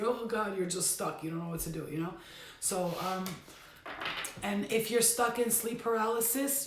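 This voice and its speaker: A woman's voice: mid-range voice, reverberant, a little hiss or hum. A woman giving a casual spiritual reading at home, talking bluntly and emphatically and swearing now and then. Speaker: tarot reader. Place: bedroom at home.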